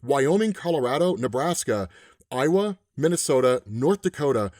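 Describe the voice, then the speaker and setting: Man, casual comic recap, animated and chatty, dry close mic. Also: medium pitch, normal speed, no room sound. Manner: animated, chatty, says "right?" often. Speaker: comic book explainer.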